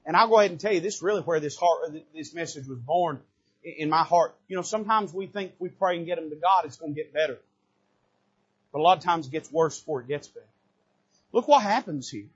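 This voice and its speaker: A man preaching a sermon from the pulpit, swinging from hushed to shouting. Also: fast, slightly rough, muffled recording. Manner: preaching with big swings in pitch and loudness, rising to shouts. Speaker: pastor. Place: church sanctuary.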